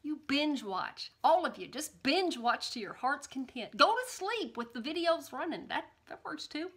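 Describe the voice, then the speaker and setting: Bubbly bright-voiced woman vlogger. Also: sits high, sing-song, moderate pace. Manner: bubbly and gushing, gasps and coos. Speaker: cooking vlogger reading viewer comments. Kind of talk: casual chat to camera.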